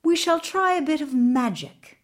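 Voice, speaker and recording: A woman's voice: sits high, expressive, unhurried, voice pushed up. A woman doing a clever, curious storybook queen. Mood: scheming.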